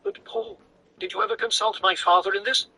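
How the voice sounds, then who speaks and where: Brief: calm, gentle mother, high and soft, put on by a male reader. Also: a little fast, gravelly, husky, recorded from a distance, full character voice, poor audio. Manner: soft and soothing. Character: gentle, composed middle-aged mother.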